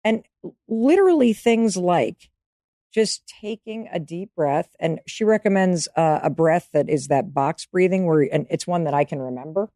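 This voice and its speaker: A woman's voice: lowish voice, animated, moderate pace, mellow, dry recording, clean studio sound. A woman in her fifties, a podcast guest giving advice in casual interview talk, emphatic and coaching, speaking straight to the listener.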